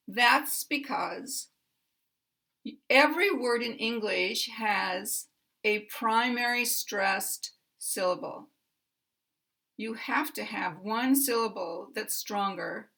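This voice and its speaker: A woman's voice: medium pitch, gravelly, pushed and bright. An American woman teaching pronunciation, explaining carefully and stretching stressed words to demonstrate them.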